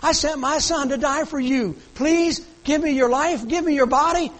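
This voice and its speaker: A male preacher voicing God as a grown man who pleads and begs, his voice climbing toward near shouts. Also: very high-pitched, moderate pace, voice pushed up. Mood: pleading.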